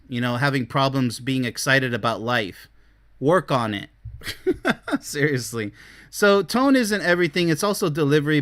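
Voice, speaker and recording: A man hosting a relationship advice show, talking with excitable, blunt energy in a bright, lively voice and swinging between loud bursts and mocking mumbles. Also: fairly high pitch. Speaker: relationship expert and show host. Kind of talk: animated solo commentary.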